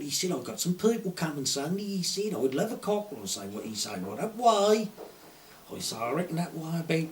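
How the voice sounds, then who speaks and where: A man's voice: fairly high pitch, a little hiss or hum. An older man with a broad Suffolk accent, telling anecdotes and acting out the voices of the people in them. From Suffolk, England. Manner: broad rural dialect, acts out quoted dialogue. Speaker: retired poacher. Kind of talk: anecdotal storytelling.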